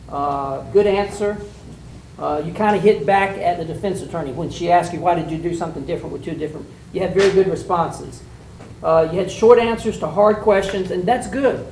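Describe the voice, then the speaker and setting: A man's voice: sits high, a little mellow. Folksy man giving feedback. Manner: folksy, plainspoken, with many fillers. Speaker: mock trial judge giving feedback. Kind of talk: spoken critique to students. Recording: echoey room from far off, faint room noise.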